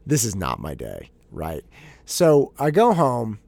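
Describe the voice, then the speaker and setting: A man telling a story from home life in a casual monologue, animated and exasperated, laughing at himself and often restarting his sentences. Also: fairly low pitch, slow pace, gravelly. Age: adult father of young children. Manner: animated, exasperated and self-mocking, with frequent restarts. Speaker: podcast host.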